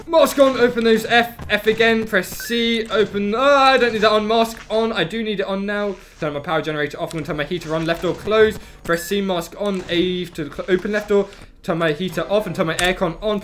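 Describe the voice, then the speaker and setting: A young man with a high, bright voice narrates his gameplay in quick, muttered bursts of button calls. He keeps erupting into frantic yelps and shouts as the game surprises him, and a faint hiss sits under the audio. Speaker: gameplay streamer. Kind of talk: let's play commentary.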